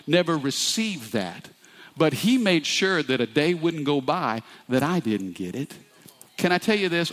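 A man's voice: a little high, a bit bright. A middle-aged male pastor preaching a sermon with passion, often turning to the congregation with asides. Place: church sanctuary. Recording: echoey hall.

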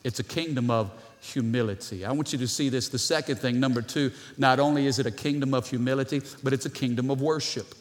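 A man preaching a sermon as pastor in a church, animated, with playful asides to the congregation. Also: mid-range voice, fast talker, hardly any pauses. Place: church sanctuary. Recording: long hall reverb from the church.

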